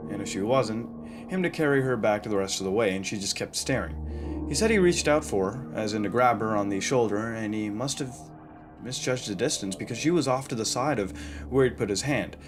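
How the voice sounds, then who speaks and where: A man's voice: medium pitch, animated, a little fast. A man reading a first-person horror story aloud in a casual, profane way, with fillers and restarts. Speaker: narrator. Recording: narration over music.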